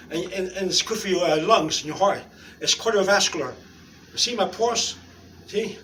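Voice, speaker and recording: A man demonstrating an exercise while out of breath, giving halting, repetitive instructions and often checking in with "okay?" in an indoor room. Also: high-pitched, fairly bright tone, recorded from a distance, a little hiss or hum. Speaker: exercise video maker.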